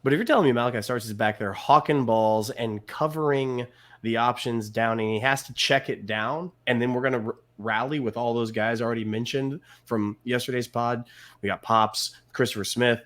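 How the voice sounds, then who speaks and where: A man's voice: medium pitch, normal speed, a bit bright. A man co-hosting a casual sports podcast, talking emphatically and repeating points for stress. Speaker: podcast co-host.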